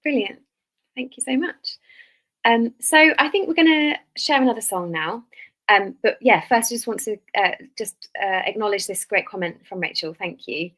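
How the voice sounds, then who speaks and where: A woman's voice: mid-range voice, normal speed, rough recording. Female music session leader, easygoing webinar delivery, frequent fillers. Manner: relaxed, many ums. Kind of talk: webinar teaching.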